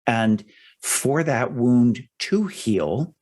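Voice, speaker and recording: A middle-aged man hosting an interview podcast, explaining ideas in a measured, thorough way. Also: medium pitch, big pitch swings, a little mellow. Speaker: podcast host. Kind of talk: interview conversation.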